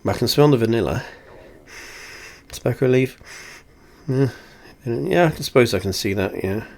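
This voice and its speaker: A man's voice: medium pitch, lively intonation, normal speed, gravelly, a little mellow. A man reviewing whiskey in a casual, rambling chat, self-deprecating and swearing offhandedly, sitting close to his camera at home. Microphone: camera very close to face.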